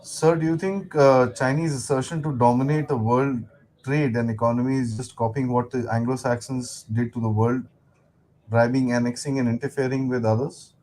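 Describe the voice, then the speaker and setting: A man's voice: medium pitch, fairly even intonation, normal speed, darkish tone. A man hosting a casual interview, agreeing briefly and reading out viewer questions. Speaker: host.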